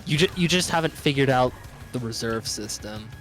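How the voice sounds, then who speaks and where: Man, mid-pitched voice, voice chat player, joking, giving tips. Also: animated, moderate pace, a bit bright, faint music behind. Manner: joking, gives gameplay tips. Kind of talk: casual gaming chat.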